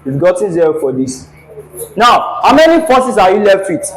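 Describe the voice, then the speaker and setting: High-voiced man teaching a class. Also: very animated, moderate pace, a little hiss or hum, low-quality recording. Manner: repeats questions for students to answer. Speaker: lecturer. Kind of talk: classroom engineering lecture. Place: classroom with a board.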